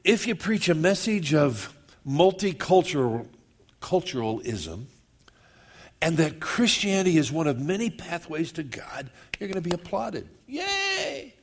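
Guy preaching a sermon, slightly high voice, punchy and emphatic, slows way down on verses. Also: animated, husky. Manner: emphatic, slows down for scripture, quick asides. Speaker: pastor.

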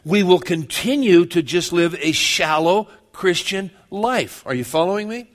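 A man delivering a sermon with a slightly high-pitched voice. He talks conversationally and keeps questioning and teasing his listeners. He uses a relaxed, personal preaching manner. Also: measured pace. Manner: conversational, asks the congregation questions, joking. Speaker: pastor.

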